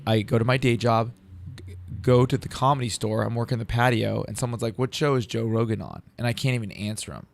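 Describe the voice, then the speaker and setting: Gravelly man telling a story. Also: lowish voice. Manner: animated, profane, acts out quoted dialogue. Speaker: comedian guest. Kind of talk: casual storytelling.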